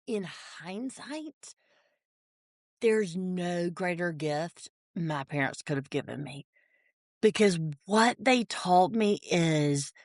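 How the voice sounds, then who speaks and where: A woman, a podcast guest telling a personal story, animated and quick to laugh. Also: lowish voice, no room sound, clean studio sound. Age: 40s. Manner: animated storyteller, acts out family voices, laughs often.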